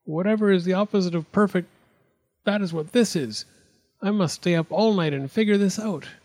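In a storybook reading, a man voices a timid, flustered square, sounding hesitant and fretful. He raises his natural voice to a high, slightly mellow pitch and speaks at a normal speed.

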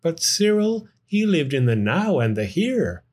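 A man reading a rhyming children's picture book aloud in an expressive, sing-song way. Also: a little high, a little slow, husky. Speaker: storyteller. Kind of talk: storybook read-aloud in rhyme.

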